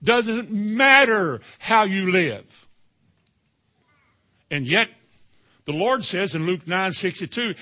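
Pastor guy preaching, folksy and lively, kinda high bright voice. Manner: folksy, animated preaching with sudden high exclamations. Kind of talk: sermon.

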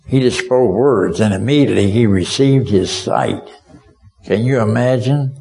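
A man's voice: mid-range voice, warm tone, low-quality recording. A man preaching a sermon as a vivid story, speaking as a witness and asking his listeners directly whether they can see it.

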